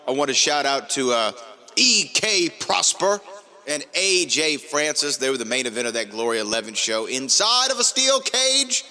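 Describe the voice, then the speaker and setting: Bright-voiced co-host man. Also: mid-range voice, big pitch swings, moderate pace. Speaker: podcast co-host. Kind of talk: casual podcast chat.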